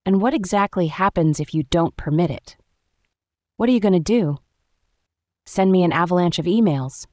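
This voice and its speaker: A woman's voice: lowish voice, animated, moderate pace, pauses often, darkish tone, dry recording, clean studio sound, close to an everyday voice. A woman doing a sardonic cocky engineer. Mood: mocking. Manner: dismissive and mocking. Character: cocky rule-breaking male engineer, sardonic.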